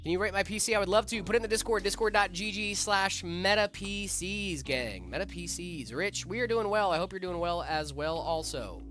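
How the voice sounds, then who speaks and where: A man with a bright, forceful voice co-hosts a casual livestream. He jokes around and reads out follows and viewer questions. Faint music plays behind him. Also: high-pitched, a little fast, few pauses. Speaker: stream co-host.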